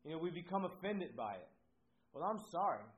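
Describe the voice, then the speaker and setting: A man's voice: fairly high pitch, very animated, fairly quick. A man from Ohio preaching a sermon with energy, repeating his phrases for emphasis. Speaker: pastor. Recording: dull lo-fi recording with faint noise.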